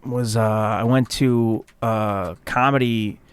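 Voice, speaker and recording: A male comedian from Chicago telling stories in casual podcast chat, animated and profane, acting out quotes in a raised voice. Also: on the low side, slow pace, smooth, no echo. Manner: animated storyteller, swears freely, acts out quotes in a raised voice. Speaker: comedian guest.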